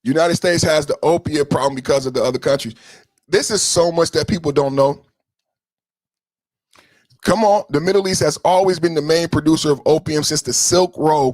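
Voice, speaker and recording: A man's voice: a little fast, no echo. A man hosting a podcast livestream, ranting about politics in a combative, profane way, scolding his chat and repeating points for emphasis. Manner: emphatic repetition, swings between loud and low. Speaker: podcast host.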